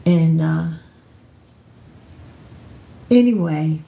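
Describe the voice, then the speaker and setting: Older woman with a gravelly, slow voice. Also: low voice, mellow. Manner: rambling, reflective, with repeated restarts. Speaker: vlogger. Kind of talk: personal storytelling vlog.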